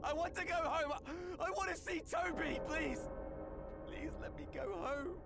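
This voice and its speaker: A wounded young man pleads in a high, gravelly voice, scared and in pain. He sounds lost and desperate in this game scene. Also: moderate pace, loud music behind the voice. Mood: pleading.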